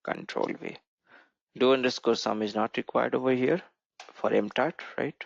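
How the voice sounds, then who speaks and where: Man, programming instructor, gravelly voice, dry muffled lo-fi sound. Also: mid-range voice, normal speed, dry recording. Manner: explanatory, asks "right?" often. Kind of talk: screen-share coding tutorial. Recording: dull lo-fi mic.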